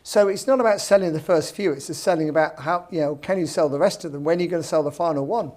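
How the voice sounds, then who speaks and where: A man's voice: a little high, fast talker, darkish tone. A British man in property development chatting casually on a podcast, blunt and anecdotal with wry asides.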